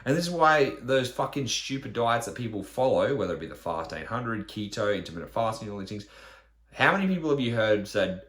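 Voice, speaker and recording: A man's voice: lowish voice, sing-song, a little fast, fairly bright tone. A man, a fitness trainer, ranting bluntly on his podcast with lots of swearing and rhetorical questions.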